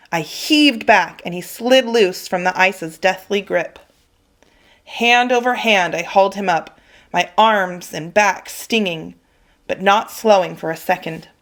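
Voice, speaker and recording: A woman reading a children's chapter book aloud in an expressive, dramatic way. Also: fairly low pitch. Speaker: reader for children. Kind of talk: storybook read-aloud.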